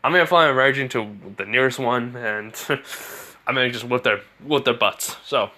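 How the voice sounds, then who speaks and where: A man's voice: mid-range voice, moderate pace, bright, forceful tone, close to an everyday voice. A man voicing a cocky, confident teenage male ninja hero, boastful and upbeat.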